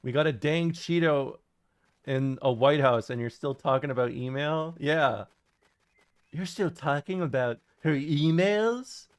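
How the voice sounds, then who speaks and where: A man with a fairly high, clear, resonant voice streams a video game at an unhurried pace. He chats casually, reacting to chat with profane, incredulous jokes.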